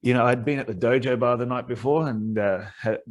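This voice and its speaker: A man's voice: mid-range voice, brisk. A man hosting a podcast, telling stories in a casual, rambling way and laughing often. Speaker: podcast host. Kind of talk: casual chat.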